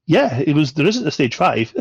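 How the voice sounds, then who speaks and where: A man with a gravelly, creaky voice tells a story in a relaxed, chatty way, slipping into the voices of the people in it. The recording is dry and a little dull. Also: on the high side, moderate pace, no echo. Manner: animated, acts out quoted voices. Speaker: podcast guest. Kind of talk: casual storytelling.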